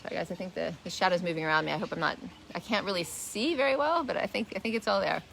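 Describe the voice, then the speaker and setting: A woman's voice: lowish voice, quick pace, creaky, fairly bright tone, slight background noise. A woman teaching a wellness class in a casual live talk, earnest, often restarting and repeating words as she explains. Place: indoors, shifting light.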